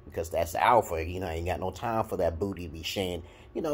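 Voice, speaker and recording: Brief: a low, husky man with a New York accent, ranting crudely and animatedly to camera. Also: brisk. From Brooklyn, New York. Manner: blunt, crude, animated, swings between loud and muttered. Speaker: vlogger giving dating advice. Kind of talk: casual rant to camera.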